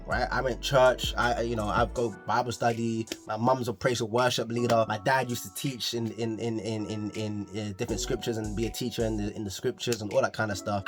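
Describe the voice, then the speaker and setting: A young man with a London accent frankly telling his own life story to camera, animated and rising in pitch when exasperated. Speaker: vlogger sharing his story. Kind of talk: candid personal talk to camera.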